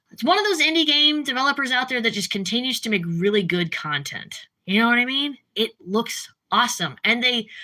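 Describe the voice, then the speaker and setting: A woman streamer chatting casually with her live chat, rambling and jumping up in pitch when she gets worked up. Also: bright, forceful tone. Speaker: livestreamer.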